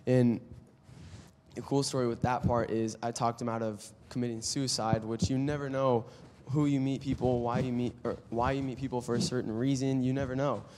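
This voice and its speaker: A man's voice: mid-range voice, long reverb tail, a little hiss or hum. A young man giving a casual faith testimony to his team, telling a story animatedly with many fillers and restarts. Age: young adult. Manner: animated storytelling, acts out quoted voices, frequent fillers and restarts. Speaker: student speaker at a team devotional. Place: church meeting room.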